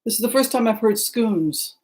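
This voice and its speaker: On the high side and a little mellow, her voice is expressive and moves at normal speed, though the audio is poor. She's a middle-aged woman from the Seattle area, Washington, hosting a livestream where she rambles casually and greets viewers by name.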